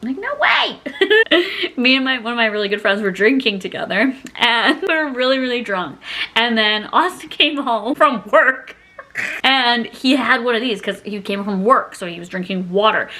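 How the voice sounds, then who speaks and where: A young woman talks straight to her camera at home, rambling from one thought to the next. Her voice sits a little high and sounds bright and forceful, and she laughs often and pokes fun at herself. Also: animated, moderate pace. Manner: giggly, rambling, self-mocking. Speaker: beauty YouTuber. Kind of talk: casual chat to camera.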